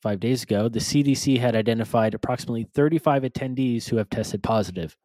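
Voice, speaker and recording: A man's voice: mid-range voice, quick pace, warm tone, no room sound. A man co-hosting a casual podcast, reading news stories aloud with stumbles and joking asides.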